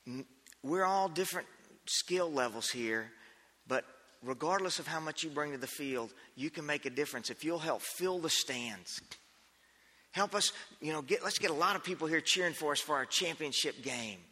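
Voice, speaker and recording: A man gives voice to an encouraging baseball coach who talks to his young players gently and earnestly. The tone is bright and fairly high, and it carries a long reverb from a large hall. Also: moderate pace. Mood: rallying. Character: encouraging adult male youth baseball coach.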